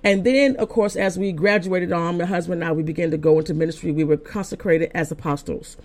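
A woman's voice: fairly low pitch, fairly even intonation, a little fast, darkish tone. Older woman preaching from personal testimony. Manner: conversational, with many restarts, rising into emphatic preaching. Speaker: apostle and pastor. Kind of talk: sermon told as personal testimony.

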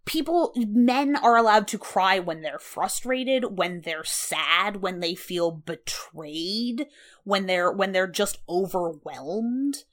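A woman's voice: medium pitch, expressive, takes it slowly. A woman co-hosting a podcast in casual chat, emphatic and playful, with swearing sprinkled through. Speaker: podcast co-host.

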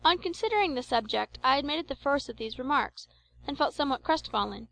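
A woman reads an old adventure novel aloud in a measured, expressive way. Her voice sits a touch high, and she keeps a steady storytelling rhythm. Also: creaky, poor audio. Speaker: audiobook narrator. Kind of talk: scripted audiobook narration of an adventure novel.

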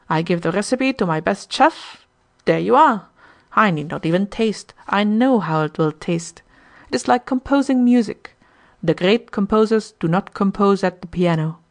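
A woman voicing a vain, grand male master chef who talks with lofty self-assurance in an audiobook reading. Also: medium pitch.

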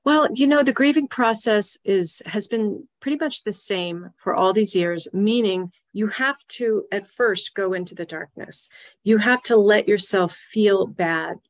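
A woman guest on a podcast interview, explaining grief support in an earnest, gently instructive way. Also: mid-range voice, unhurried. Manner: earnest, gently instructive, repeats key phrases. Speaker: grief guide.

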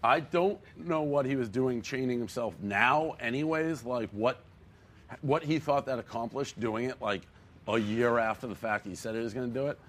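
A man's voice: medium pitch, normal speed, a bit bright. A man hosting a sports talk show, bantering casually and chuckling.

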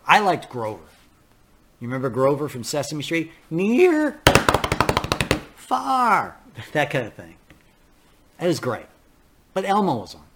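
Older man, podcast host, blunt ranting monologue, profane, mid-pitched voice. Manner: blunt, ranting, profane, laughs at his own stories. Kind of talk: political commentary monologue.

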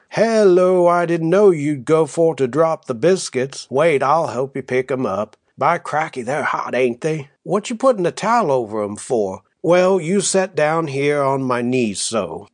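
A man's voice: a little high, sing-song, unhurried, few pauses, no echo, studio quality. A man reading an audiobook, voicing a folksy young frontier husband who talks in a rustic drawl and coaxes his wife with a homespun tale. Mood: yarn-spinning. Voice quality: rustic drawl with dropped endings. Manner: coaxing, homespun storytelling.

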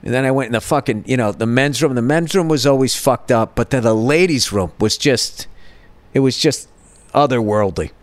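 A man's voice: mid-range voice, normal speed, dry recording. A man, a podcast host telling profane, rambling stories and laughing at his own jokes. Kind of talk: casual rambling monologue.

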